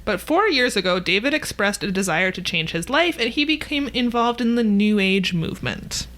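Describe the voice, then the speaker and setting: Wry woman podcast co-host, lively voice. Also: mid-range voice, normal speed. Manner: dry, wry recapping with laughs. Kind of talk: casual chat recapping a TV episode.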